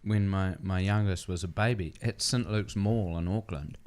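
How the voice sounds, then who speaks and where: A comedian with a New Zealand accent and a low voice sits as a guest in a podcast studio, chatting casually at a moderate pace. He tells animated, sweary stories and acts out the people he quotes.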